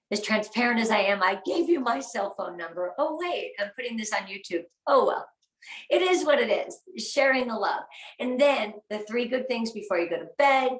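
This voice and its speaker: A middle-aged woman giving an earnest, upbeat motivational talk to a sales team and getting them to repeat phrases after her. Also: a little high. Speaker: guest speaker at a sales training. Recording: echoey room, voice a bit far from the mic.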